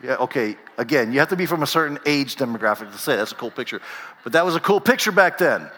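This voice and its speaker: Bright-voiced pastor, native Spanish speaker, echoing church. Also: male voice, mid-range voice, lively intonation, fast. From Panama. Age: middle-aged. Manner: conversational storytelling, repeats and restarts phrases. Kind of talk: sermon. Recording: reverberant church sanctuary.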